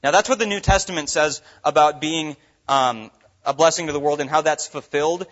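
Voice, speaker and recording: A man's voice: fairly high pitch, a little fast, a bit bright. A man from Minnesota preaching a sermon as pastor, earnest and full of rhetorical questions. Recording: dull lo-fi recording.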